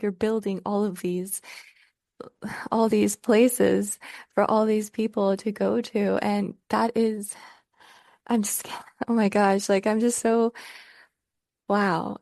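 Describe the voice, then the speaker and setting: A woman's voice: mid-range voice, dark tone, no echo, clean studio sound. A woman hosting a spiritual conversation, talking in an effusive, emotional way full of gushing praise. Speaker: host.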